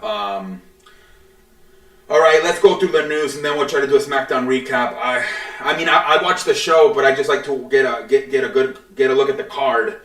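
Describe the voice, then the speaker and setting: A man's voice: mid-range voice, steady tone, normal speed, fairly bright tone. Cursing, rambling man in an echoey room. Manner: swearing, frustrated, rambling with restarts. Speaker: podcast host. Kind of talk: casual solo sports talk. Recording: echoey room, distant from the mic.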